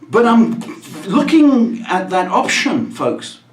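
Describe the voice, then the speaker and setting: A man from England hosting a livestream, telling comic stories in an exasperated, animated rant that bursts out loud. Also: high-pitched, slow pace, echoey room. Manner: exasperated, animated ranting with sudden loud outbursts. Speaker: livestream host. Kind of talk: comedic storytelling rant.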